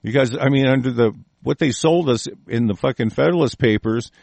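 A man's voice: mid-range voice, a little fast, gravelly, darkish tone, dry recording. A man giving a heated, profane monologue, swearing often and breaking off mid-sentence to restart. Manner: reads aloud passages and interrupts them with his own comments. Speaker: commentator. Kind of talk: angry ranting monologue.

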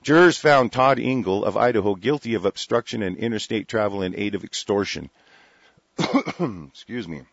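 A man's voice: on the low side, moderate pace, no echo. A man reading a news article aloud and breaking off into heated, profane rants about it. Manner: profane, heated, interrupting his own reading to rant. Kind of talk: reading an article with angry commentary. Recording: dull lo-fi sound.

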